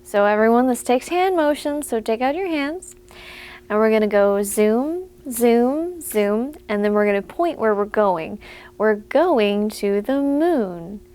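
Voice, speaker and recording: A woman's voice: fairly high pitch, lively intonation, measured pace, a little mellow, clean tone. A young woman, a children's librarian, leading a preschool story time with playful sing-song songs and action rhymes.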